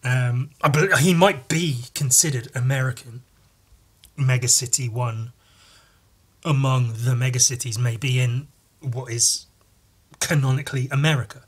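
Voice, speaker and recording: A man's voice: mid-range voice, fairly even intonation, moderate pace, long pauses, breathy edge. A young British man giving casual, irreverent and heavily sweary commentary while leafing through comics. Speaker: comic reader and vlogger.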